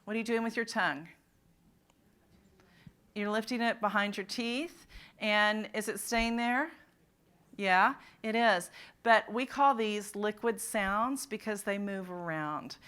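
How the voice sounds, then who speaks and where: A woman's voice: mid-range voice, slow, long pauses, fairly bright tone, smooth. A woman presenting a phonics workshop at a conference, quizzing her audience of teachers. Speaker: literacy presenter. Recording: conference talk in a hall.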